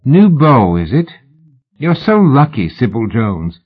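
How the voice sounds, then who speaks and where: A man voicing a raucous but kindly young woman in a high, bright, chatty voice. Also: sing-song, normal speed, husky. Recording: phone-like narrow band.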